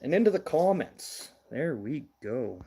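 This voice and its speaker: A man's voice: fairly high pitch, very animated, a little slow, noisy background. A middle-aged man from Manitoba, hosting a casual livestream news show, blunt and ranting, swearing now and then. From Manitoba, Canada.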